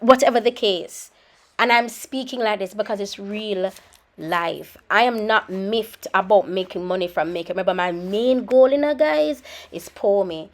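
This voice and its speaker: A woman's voice: medium pitch, expressive, measured pace. Chatty Jamaican woman makeup artist. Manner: chatty, slips between standard English and patois; scolds her children mid-talk. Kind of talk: casual vlog chat. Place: home with children around.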